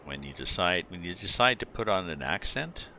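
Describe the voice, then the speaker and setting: A middle-aged man with an extremely deep, gravelly voice chats loosely with his live viewers, wandering between thoughts with plenty of ums. His delivery rises and falls in a lively way, and game engine and road noise runs clearly beneath him. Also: normal speed. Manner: rambling, thinks aloud with many fillers. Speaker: livestreamer playing a driving game. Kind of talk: casual chat with live viewers. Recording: game vehicle noise underneath. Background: truck engine and road sounds from the game.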